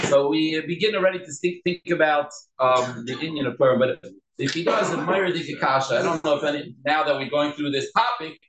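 A man teaching a casual Torah class, animated and acting out the quotes and dialogue he discusses. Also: a little high. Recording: echoey room.

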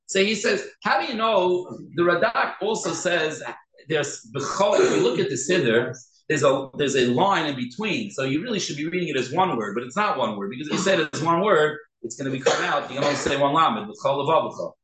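A man's voice: a little high, lively intonation, a little fast, fairly bright tone, roomy sound, slight background noise, poor audio. A man teaching a Torah class to a group, earnest, often repeating and restarting his words as he stresses how to pronounce them.

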